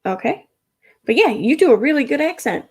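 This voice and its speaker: A woman's voice: high voice, sing-song, a little fast, darkish tone. An American woman hosting a casual livestream, rambling with many fillers and laughing easily. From United States. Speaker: livestream host.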